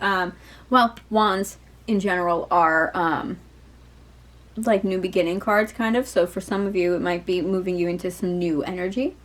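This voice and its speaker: A woman's voice: lowish voice, moderate pace, a bit bright, poor audio. A woman doing a casual, rambling tarot reading for her viewers, full of fillers, asides and the odd swear word. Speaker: tarot reader.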